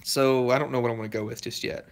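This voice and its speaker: A man's voice: medium pitch, steady tone, quick pace. A man running a casual live stream from his garage, reading viewer comments aloud and chatting in a laid-back way. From Southern United States. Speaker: car restoration YouTuber. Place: garage workshop.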